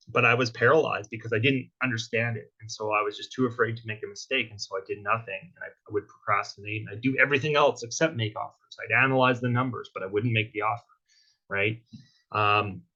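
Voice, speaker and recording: A man's voice: mid-range voice, sharp tone, slightly rough. A man giving a casual motivational talk as a workshop guest speaker, checking in with tag questions like "right?" and "okay?". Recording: dull lo-fi sound.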